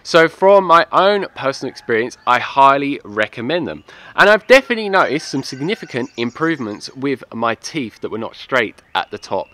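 In a mid-range, sing-song voice that is bright and forceful, a vlogger reviews his aligners to camera at a moderate pace. He chats casually and enthusiastically, repeating "like I said" and "yeah" as he recommends them, and wearing them leaves him with a slight lisp.

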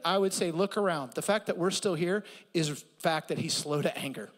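A male pastor delivers a sermon in an animated, conversational way, dropping in asides. His voice sits high for a man. A long church-hall reverb trails every phrase. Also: a little fast, few pauses.

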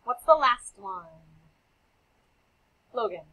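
Young female teacher, slightly husky, lively up-and-down delivery, unhurried, encouraging and repetitive with her class. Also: on the high side, dull audio. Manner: encouraging, calls on students by name, repeats answers. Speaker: elementary school teacher. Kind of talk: classroom phonics lesson.

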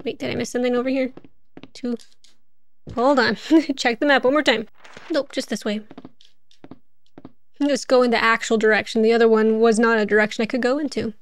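Chatty woman streamer with a high voice, talking herself through the game. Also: fairly even intonation, fairly quick, pauses often. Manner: chatty, thinks aloud, laughs often. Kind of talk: casual gameplay commentary.

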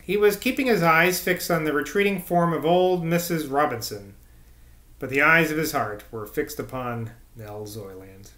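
A man narrating a classic novel as an audiobook reader, in a measured literary manner. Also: fairly high pitch, pushed and bright. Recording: echoey room.

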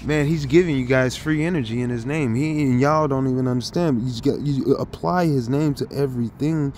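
A man giving an informal scripture study talk, thinking aloud with halting restarts and sudden bursts of excited realization. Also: medium pitch, a little hiss or hum. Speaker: Bible teacher.

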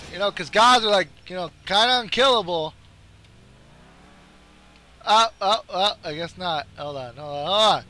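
A young man commentating his own gameplay, trash-talking and often breaking into yells. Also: high voice, moderate pace, slight background noise. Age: young adult. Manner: excitable, trash-talking, swings to yelling.

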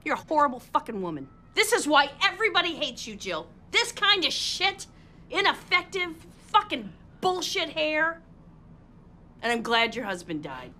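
A furious mother in a film comedy, ranting in loud, explosive bursts of swearing. Her voice sits high and bright and leaps wildly up and down. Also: sing-song, normal speed, full character voice. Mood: raging. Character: furious foul-mouthed mother at a school meeting.

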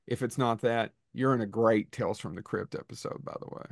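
Gravelly male podcast host. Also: mid-range voice, steady tone, a little fast, no echo, clean studio sound. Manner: enthusiastic, asks rambling questions. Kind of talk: casual interview.

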